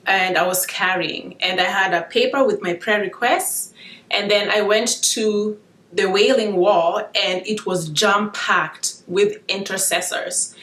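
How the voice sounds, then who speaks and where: A woman giving an informal devotional talk, speaking emotionally and haltingly as she holds back tears. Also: medium pitch, fairly bright tone, echoey room. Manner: emotional, halting, with restarts and asides. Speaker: Christian video blogger sharing dreams.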